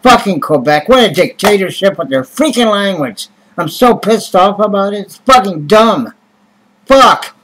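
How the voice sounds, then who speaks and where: Guy griping into the camera, swears a lot, kinda high voice. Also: expressive, normal speed, hardly any pauses, fairly bright tone, slight background noise, poor audio. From Canada. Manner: grumbling, profane, blunt complaining. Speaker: vlogger. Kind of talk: casual ranting monologue to camera.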